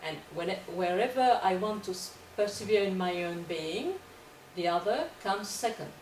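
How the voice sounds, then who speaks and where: A woman's voice: mid-range voice, lively intonation, normal speed, a little mellow. A woman lecturer answering questions in an academic discussion, hesitant and repeating words as she searches for her phrasing. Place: lecture hall. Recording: echoey room, distant mic, background noise.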